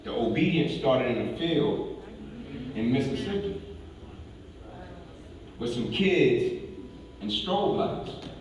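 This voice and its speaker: A man's voice: mid-range voice, lively intonation, slow, pauses often, darkish tone. A middle-aged man gives an emphatic motivational speech to a live audience. He repeats key lines and keeps asking "right?". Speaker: motivational speaker. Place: large hall with an audience. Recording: echoey hall from far off, faint noise.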